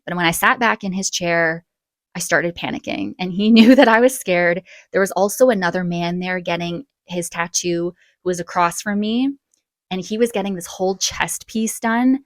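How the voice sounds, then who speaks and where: A young woman telling a casual storytime vlog, chatty and animated, with quick bursts and gasps. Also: on the low side, dry recording. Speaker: vlogger.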